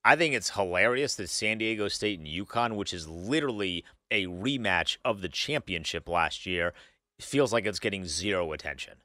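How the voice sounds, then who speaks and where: Lower-voiced bright man, eager co-host. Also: expressive, normal speed, no room sound, studio quality. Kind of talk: casual sports chat.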